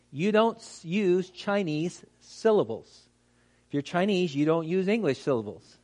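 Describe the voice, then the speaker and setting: A man who is a pastor giving a conversational teaching talk, lively and acting out how words get mispronounced, with many fillers and restarts. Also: on the high side. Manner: animated, acts out mispronunciations.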